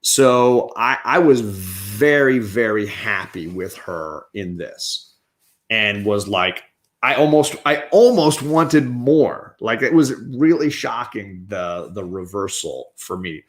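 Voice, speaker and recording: A man's voice: lowish voice, slow pace, a bit bright. A man hosting a casual review show, talking through his opinions on films in a chatty, opinionated way with frequent restarts. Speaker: comic and movie reviewer, show host.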